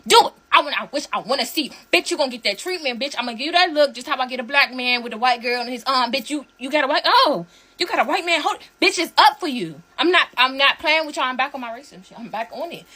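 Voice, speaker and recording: A woman rants to her audience, heated and full of profanity, circling back to the same points again and again. Her voice sits high and sounds bright and sharp. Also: lively intonation, quick pace. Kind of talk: heated rant to camera.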